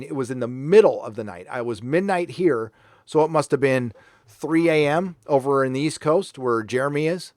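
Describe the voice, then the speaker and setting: A man's voice: medium pitch, darkish tone, no echo, clean studio sound. A man hosting a casual livestream, reading viewer donations aloud and answering them with sarcastic, mock-earnest remarks.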